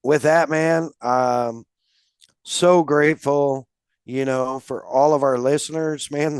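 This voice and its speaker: A man hosting a casual podcast, speaking at an unhurried, meandering pace with plenty of filler words. His voice sits at an ordinary pitch and sounds dry and close to the mic. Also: darkish tone, clear, resonant tone, no echo. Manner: unhurried, rambling with many fillers. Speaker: podcast host.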